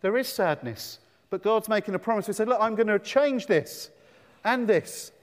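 A man leading an animated children's talk in church, enthusiastic and full of questions for the children. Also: high-pitched, normal speed, long reverb tail.

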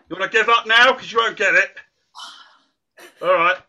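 A man's voice: high-pitched, sharp tone, slight background noise, full character voice. A man voicing a cocky, boastful male quizmaster character who teases the kids in a comic church sketch. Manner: teasing, boastful, playfully smug. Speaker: quiz host at a church service. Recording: muffled lo-fi recording.

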